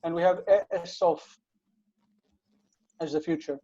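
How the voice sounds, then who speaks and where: A Hebrew teacher with a mellow, medium-pitched voice speaks at a measured pace during an online grammar lesson. Over muffled video call audio, she explains patiently, with plenty of fillers and restarts.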